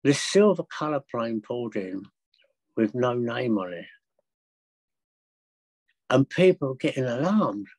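An older man telling travel stories as a podcast guest, chatty and excitable, with frequent laughs. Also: medium pitch, a little slow, pauses often, dry recording, poor audio. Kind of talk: anecdotal storytelling.

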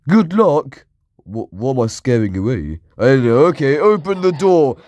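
A man's voice: mid-range voice, a little mellow, a little hiss or hum. Jumpy man playing a horror game. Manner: jumpy, shrieks at scares, taunts the enemies. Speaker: gaming YouTuber. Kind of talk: let's play commentary.

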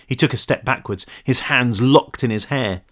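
A man reading his own novel aloud as tense, expressive audiobook narration. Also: mid-range voice, moderate pace.

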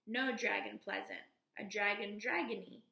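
A woman reading aloud voices an earnest young boy who speaks in halting, broken English and struggles to find his words. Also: medium pitch, steady tone, vocal fry, bright, forceful tone, roomy sound, poor audio.

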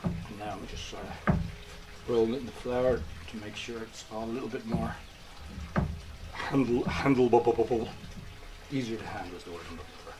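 A man's voice: lowish voice, moderate pace, low-quality recording. A man making bread in a kitchen, talking casually through each step with self-mocking jokes. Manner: self-mocking, joking asides. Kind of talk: casual cooking demonstration. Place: home kitchen. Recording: loud background noise, running water.

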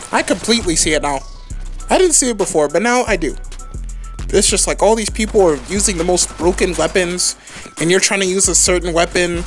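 A gaming YouTuber giving live gameplay commentary, ranting with sarcastic asides and yelping high when surprised. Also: fairly bright tone. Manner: ranting, exclaims with sudden high yelps; sarcastic asides, calls others "sir" and "bro".

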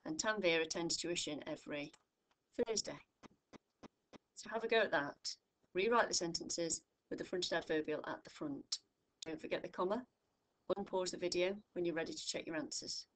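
A woman tutor from the United Kingdom walks through a grammar lesson in a slightly low voice. She speaks clearly and patiently, leaning on each example phrase so learners catch it. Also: a bit bright. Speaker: English tutor.

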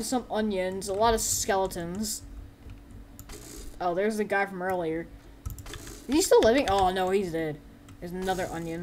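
A woman giving casual let's-play commentary. She rambles with many fillers and often breaks into sudden excited yelps. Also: medium pitch, a little hiss or hum. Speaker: gameplay commentator.

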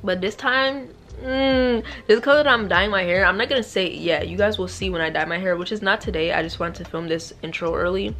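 A woman's voice: medium pitch, brisk, a bit bright. A young woman chatting casually to camera at home, playful and self-deprecating. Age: young adult. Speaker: vlogger. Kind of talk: casual vlog chat. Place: at home indoors.

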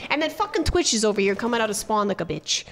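A woman streaming a shooter game, chatting casually with profane, excitable trash talk. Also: medium pitch, fast. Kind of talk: casual gameplay commentary.

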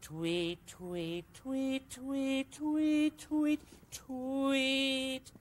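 Casting: a big childlike male bird puppet, gentle and helpful, slow unhurried delivery, pitched high. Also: very animated, full character voice. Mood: cheerful. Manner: gentle, eager to help.

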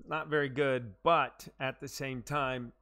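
A man streaming live gameplay, talking through each move at an unhurried pace. His voice is bright and forceful. He reacts aloud, curses when a shot goes wrong, mocks himself and answers his viewers. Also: medium pitch, steady tone. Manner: reacts aloud to his own shots, frustrated and self-mocking, swears, chats to viewers.

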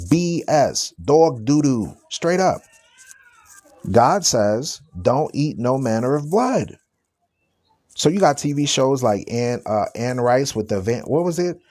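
A man's voice: on the high side, lively intonation, darkish tone. Emphatic sarcastic male stream host. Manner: emphatic and sarcastic, repeats rhetorical questions, reads scripture slowly. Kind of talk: live-stream religious commentary with scripture reading.

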